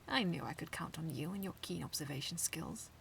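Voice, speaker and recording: Woman reading as a masked male thief, smug and protective, low hushed delivery, gravelly edge. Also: animated, brisk, slight background noise.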